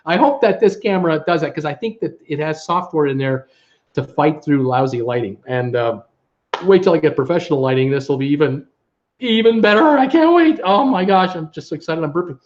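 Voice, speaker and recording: Upbeat livestream host, a man with a somewhat high voice, chatty and filler-heavy, recorded on muffled webcam audio. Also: brisk, a little mellow. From Ontario, Canada. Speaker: livestream host reading viewer chat. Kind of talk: casual live chat. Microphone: webcam setup at home.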